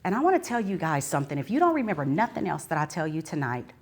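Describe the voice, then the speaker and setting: A low-voiced woman talks quickly, her pitch swinging widely, as she tells her personal testimony live at a book signing. Addressing the crowd directly and earnestly, she sometimes lifts into fervent preaching.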